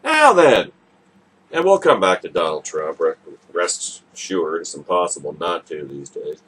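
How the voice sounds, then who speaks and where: A man's voice: low-pitched, big pitch swings, unhurried, a bit bright, slight background noise. A man hosting a radio show, delivering a sarcastic, mocking political commentary monologue.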